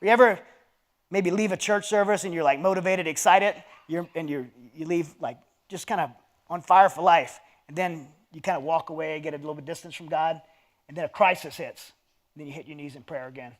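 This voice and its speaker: A man in his forties preaching at a men's dinner in a fairly high voice. He talks in a conversational, earnest way and tells stories between scripture readings. He often sinks to a hushed, low tone on personal points. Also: steady tone, fairly quick. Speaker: guest speaker at a men's dinner. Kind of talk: conversational sermon.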